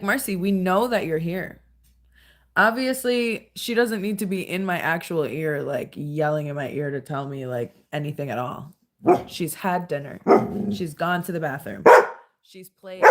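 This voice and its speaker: A young woman hosting a casual livestream from home at night, chatting with viewers and scolding her dog. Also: sits low. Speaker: livestream host.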